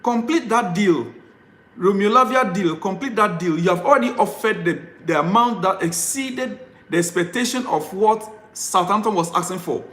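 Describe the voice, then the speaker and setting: A man's voice: sits high, normal speed, fairly bright tone, echoey room. A man live-streaming as a football fan vlogger, ranting and pleading, repeating himself in exasperation.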